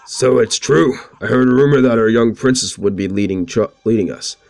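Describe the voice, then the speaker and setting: A man's voice: medium pitch, moderate pace, darkish tone, natural voice. A man reading as a scheming axe soldier. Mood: smug. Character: scheming burly male axe-wielding soldier. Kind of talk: reading game dialogue aloud.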